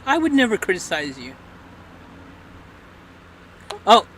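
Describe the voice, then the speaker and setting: Casting: livestream host, man, high and bright voice, loose rambling chat, playful. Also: big pitch swings, fast, slight background noise.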